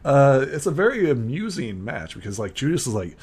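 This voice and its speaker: A man's voice: medium pitch, very animated, fairly quick, darkish tone, husky. A man narrating a tabletop game as game master in casual talk, giggling and using lots of fillers.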